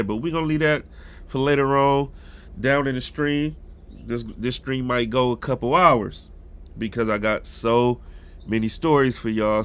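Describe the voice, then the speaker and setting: His voice is mid-range, a little bright, and smooth, though he has a cold and a blocked nose. In a chatty live stream, he discusses football news and greets chat viewers by name.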